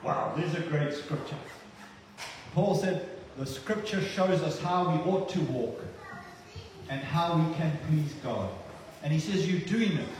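A man's voice: on the high side, unhurried, darkish tone, slight background noise. Earnest man preaching in an echoey hall. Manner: earnest, repeats words for emphasis. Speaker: pastor. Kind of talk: sermon. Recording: echoey hall, distant mic.

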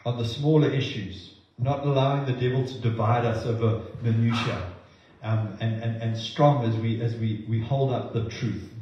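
Male preacher, sermon, earnest, repeats words, mellow tone, very echoey, slightly muffled. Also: mid-range voice. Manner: earnest, with frequent repeated words and lively acted-out quotes. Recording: very echoey, slightly dull sound.

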